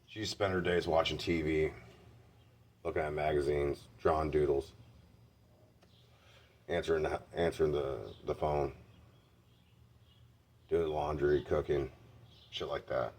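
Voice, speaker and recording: Very deep husky man, blunt and profane. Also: fairly even intonation, slow, pauses often, darkish tone. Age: adult. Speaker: vlogger. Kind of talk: candid personal storytelling.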